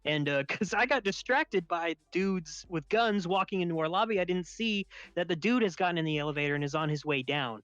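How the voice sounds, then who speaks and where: A young man hosting a podcast, telling a long story in casual, animated chat, laughing and swearing freely. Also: high voice, fairly quick, few pauses, clear, resonant tone, no echo. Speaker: podcast host. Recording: dull lo-fi dry sound.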